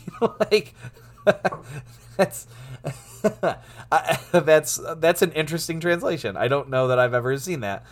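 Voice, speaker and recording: A man teaching a Bible passage, his voice a little high and swinging widely in pitch. He talks in an animated way, laughing often and restarting or repeating words as he thinks aloud. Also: a little slow.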